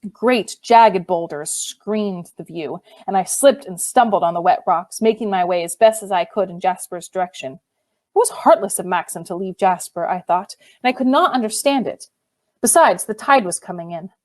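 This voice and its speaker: A woman narrating a novel in the first person, measured and expressive. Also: lowish voice. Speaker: audiobook reader.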